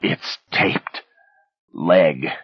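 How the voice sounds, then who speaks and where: A man's voice: medium pitch, very animated, normal speed, slightly rough, no room sound, highs cut off, voice pushed up. A man voicing a cornered male spy in pain, gasping and pleading in a strained voice.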